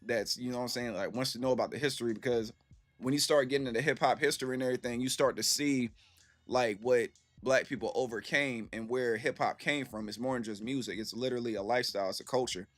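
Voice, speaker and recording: A man's voice: mid-range voice, steady tone, quick pace, no room sound, faint music behind. A man in his thirties streaming and answering his chat in a rambling, slangy storytelling way full of fillers. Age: 30s. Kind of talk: casual livestream chat.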